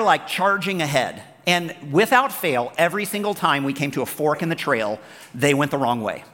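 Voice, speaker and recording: A man preaching a sermon as pastor, talking in an animated, conversational way and telling stories. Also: fairly high pitch, long reverb tail. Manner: animated, conversational, storytelling, acts out the characters.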